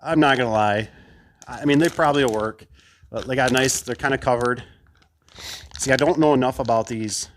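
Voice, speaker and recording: A man's voice: mid-range voice, normal speed, long pauses, slight background noise. A man who installs garage doors, chatting casually to viewers while unboxing an opener, enthusiastic and prone to rambling asides.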